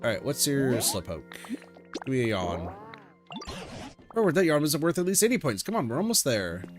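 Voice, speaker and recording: A man narrating his game in a loose, rambling way, full of "like" and "um." His voice sits at an ordinary middle pitch. Game music runs clearly beneath him. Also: sing-song, moderate pace. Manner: rambling, thinking aloud with many fillers. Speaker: streamer. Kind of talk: casual let's-play commentary.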